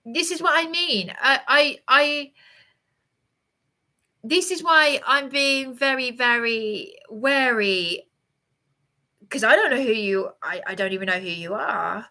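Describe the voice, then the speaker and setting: A woman talks to her viewers live from a hotel room. Her voice sits a little high and bright, and she rambles and stops to restart her sentences while she replies to comments. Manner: halting, many restarts, answers viewer comments. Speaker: livestreamer.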